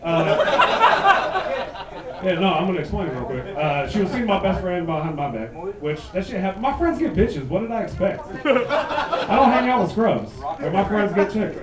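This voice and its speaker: Thirties guy doing crude stand-up, fairly high voice, roomy club sound, crowd laughing. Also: big pitch swings, normal speed. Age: 30s. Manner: profane, loud punchy delivery with mocking put-on voices. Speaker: stand-up comedian. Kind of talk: stand-up comedy set. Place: comedy club stage. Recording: echoey club, mic heard from a distance, laughing crowd.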